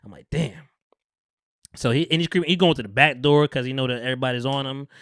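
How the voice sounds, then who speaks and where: A podcast host retells a TV episode with animation and easy laughter, swearing freely throughout the casual chat. His mid-range voice is a bit bright and quick-paced, and the recording is dry.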